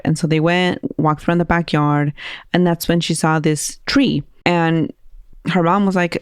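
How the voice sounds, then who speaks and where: A woman hosting a podcast, telling a spooky story in a casual, animated way and acting out the voices of people in it. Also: fairly low pitch, moderate pace, clear, resonant tone, no room sound, studio quality. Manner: animated, laughing, acts out quoted voices.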